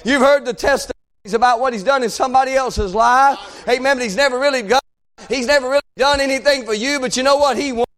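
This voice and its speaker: A man preaching a fiery revival sermon, chanting and crying out in rising, shouted bursts. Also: very high voice, fast.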